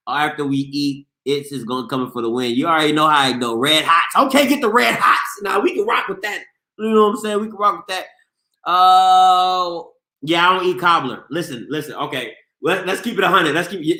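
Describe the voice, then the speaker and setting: A man hosts a casual sports call-in show, joking and reading the chat out loud. His voice sits a bit high and sounds bright and forceful. It rings in a roomy, echoey space. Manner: loud and playful, reads chat aloud, bursts into shouts and laughs. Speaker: sports show host taking callers.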